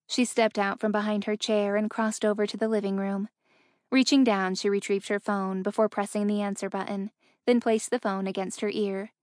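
A woman narrates an audiobook in an even, measured storytelling voice at a mid-range pitch. The recording is clean studio sound with no room noise.

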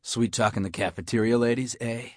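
A man's voice: mid-range voice, fairly even intonation, brisk, darkish tone, no room sound, studio quality, voice pushed up, close to an everyday voice. A smirking young newt boy who loves to tease, as a man narrating does his voice. He coos and needles in a sing-song way, a cheeky storybook classmate. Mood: teasing. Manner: teasing, cooing. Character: teasing young male newt schoolkid.

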